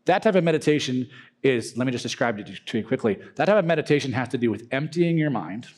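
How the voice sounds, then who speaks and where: A man's voice: mid-range voice, animated, fast, darkish tone. A young man giving a casual, joking talk to a youth group, acting out silly prayer voices.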